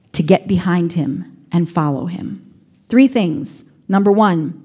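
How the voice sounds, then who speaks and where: A woman's voice: on the low side, mellow, slightly rough. A woman preaching a sermon, reflective, sometimes acting out the lines she quotes.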